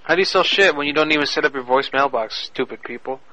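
A man hosting a radio prank-call show, talking in loud, crude, laughing banter. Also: fairly high pitch, quick pace, muffled recording.

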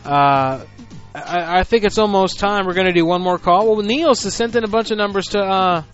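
Male radio host, pushy banter, higher pitch, muffled lo-fi recording. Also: normal speed, a bit bright. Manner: pushy, keeps tagging "man" onto lines. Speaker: radio show host making prank calls. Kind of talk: casual comedic banter. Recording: dull lo-fi recording with music behind.

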